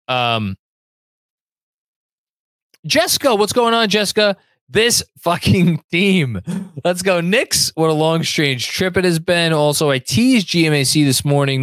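A man hosts a fan podcast in a loose, rambling way and stumbles over repeated words as he thinks. His voice sits at a middling pitch. The recording is dry, with no room sound. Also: dry recording. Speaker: podcast host. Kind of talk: casual podcast chat reading viewer comments.

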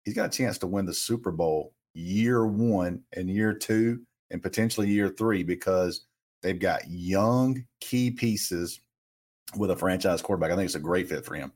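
A man with a very low voice co-hosts a casual sports talk show. He speaks emphatically and conversationally, with frequent fillers, and mixes his analysis with personal stories. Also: moderate pace, a little mellow.

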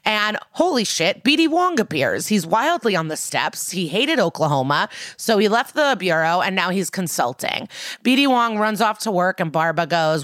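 Low-voiced woman recapping, dry close mic. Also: sing-song, normal speed, a bit bright, no echo. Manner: swears freely, acts out the characters' lines as she recaps. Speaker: podcast co-host. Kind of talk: casual episode recap.

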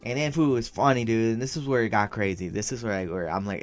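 Fast-talking young man telling a story. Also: mid-range voice, expressive, soft background music. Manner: slangy and profane, mixes in Spanish phrases, says "fool" often. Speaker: podcast co-host telling a story. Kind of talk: casual storytelling chat.

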